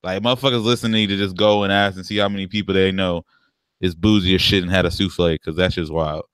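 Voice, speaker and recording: A man's voice: deep voice, fairly even intonation, fast talker, fairly bright tone, clear, resonant tone, no room sound. A man co-hosting a podcast in a casual, slangy chat, telling stories and laughing often. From family from the American South. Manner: laid-back slangy storytelling, laughs a lot. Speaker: podcast co-host.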